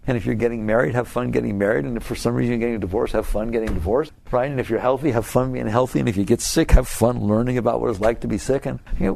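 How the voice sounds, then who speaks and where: An older man giving a spiritual talk to an audience, animated and often laughing, his voice jumping high for emphasis. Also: vocal fry. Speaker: spiritual teacher.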